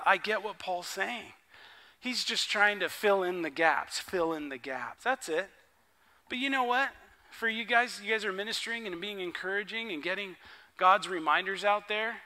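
A male pastor gives a casual, conversational sermon at a church service, telling stories with excitement. His voice is high and very bright. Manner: excitable, enthusiastic storyteller.

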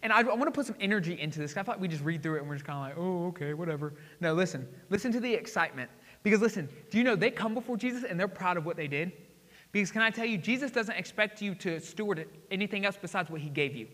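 High, bright-voiced excitable male pastor. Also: rapid-fire. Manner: excitable, swings between loud exclamations and hushed asides. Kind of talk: sermon. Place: church sanctuary. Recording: hall reverb.

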